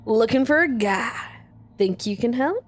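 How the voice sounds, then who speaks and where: A woman's voice: a little high, lively intonation. A woman voicing a menacing, sweet-talking Southern man with a put-on drawl, reading a visual novel villain aloud. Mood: syrupy menace. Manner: slow, syrupy, threatening.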